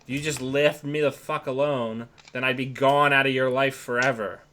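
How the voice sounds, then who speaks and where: A man's voice: medium pitch, fairly even intonation, normal speed, bright, forceful tone, a little hiss or hum, lightly acted. A man voicing a furious, arrogant male stage-magician villain who snarls with contempt. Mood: enraged.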